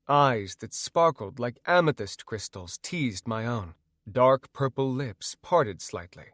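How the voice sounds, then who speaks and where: Give me a male audiobook narrator, expressive and lively, recorded dry. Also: mid-range voice, no echo. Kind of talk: first-person audiobook narration.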